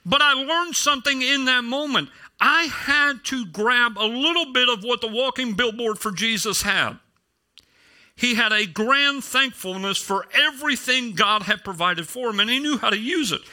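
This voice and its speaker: A man's voice: very high voice, moderate pace, pushed and bright. A middle-aged male pastor preaching a sermon in a casual storytelling way, with self-deprecating humor.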